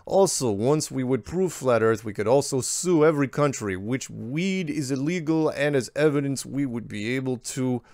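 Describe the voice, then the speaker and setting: A man putting on a foreign accent to read out an earnest male letter-writer, slow, deliberate and apologetic. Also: mid-range voice, expressive, darkish tone, no echo, clean studio sound, pitched above the performer's own voice, natural voice.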